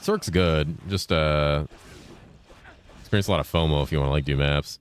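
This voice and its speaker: A man in his thirties with a remarkably deep, low voice talks loosely with his stream chat, cursing offhandedly between topics. He speaks in a deliberate, clearly enunciated voice with a slightly raised inflection. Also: flat delivery, a little hiss or hum. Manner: laid-back, profane, reads and answers chat while playing. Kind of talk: casual gaming livestream chat.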